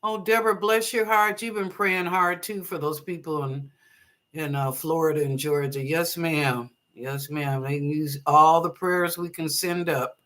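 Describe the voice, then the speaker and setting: Woman doing psychic readings on a live stream, bright clear voice, chatty, laughs a lot, blesses everybody. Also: sits low, steady tone, measured pace. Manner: chatty and warm-hearted, laughs easily, blesses callers; reads chat questions aloud then interprets them. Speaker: psychic reader and show host.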